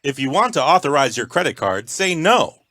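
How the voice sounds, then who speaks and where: A man making a prank phone call in a deadpan mock automated phone-menu voice. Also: a little high, normal speed, slight background noise. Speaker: prank caller.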